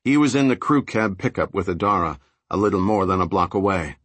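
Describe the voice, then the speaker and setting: A man reading a thriller audiobook in a steady, low-key scripted narration. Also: brisk, breathy edge, no room sound.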